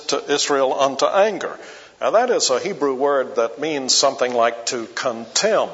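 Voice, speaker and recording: A man's voice: medium pitch, fairly bright tone. Man preaching a sermon in a reverberant hall. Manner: measured, reads scripture aloud in King James wording. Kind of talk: expository sermon. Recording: dull lo-fi recording in a reverberant hall.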